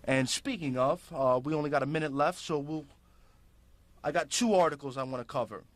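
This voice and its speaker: A man's voice: on the high side, brisk, no room sound. A man hosting a public access show, delivering impassioned political commentary in a fiery, ranting, emphatic way.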